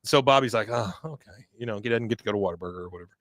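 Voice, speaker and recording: A man's voice: fairly low pitch, racing, fairly bright tone, dry recording. A man hosting a casual podcast, recapping a show in a chatty, filler-heavy way and laughing often. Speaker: podcast host recapping an episode.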